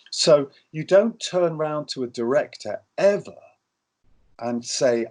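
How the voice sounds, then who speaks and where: A man's voice: fairly high pitch, lively intonation, slow pace. Man giving career advice. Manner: storytelling, acts out quoted lines. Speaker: film industry guest. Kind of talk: advice talk.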